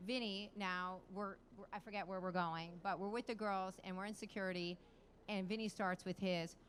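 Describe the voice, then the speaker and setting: A middle-aged woman, chatting and teasing her husband in a lively way. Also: medium pitch, moderate pace, smooth. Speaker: guest, the host's wife. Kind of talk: casual chat.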